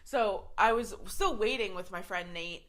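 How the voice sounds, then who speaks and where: A woman podcast host telling a story in casual chat, animated and swearing freely, with lots of "like". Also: mid-range voice, a little slow.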